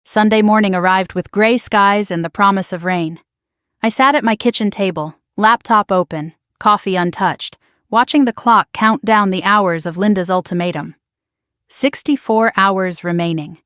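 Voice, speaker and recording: A woman narrating a first-person drama story in a measured, even way. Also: medium pitch, clear, resonant tone, no echo, studio quality.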